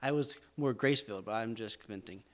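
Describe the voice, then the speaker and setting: A man co-hosting a casual podcast chat who talks quickly. He drops in short agreeing remarks and tells quick personal asides. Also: on the low side. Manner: quick, chatty, brief agreeing interjections. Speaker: podcast co-host.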